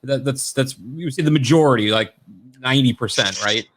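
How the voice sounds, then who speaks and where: A man's voice: mid-range voice, normal speed, a bit bright. A man in a casual online debate, stammering and restarting his points.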